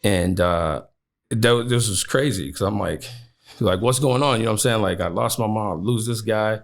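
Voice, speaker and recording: A man's voice: lowish voice, moderate pace, gravelly. A man in his thirties from Chicago, a podcast guest telling a personal story with many "you know" fillers.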